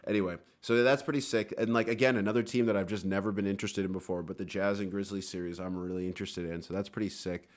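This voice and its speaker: Laid-back, swearing podcast host, low voice. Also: male voice, fairly even intonation, quick pace, hardly any pauses. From Texas. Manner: laid-back, swears a lot, laughs often. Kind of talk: casual chat.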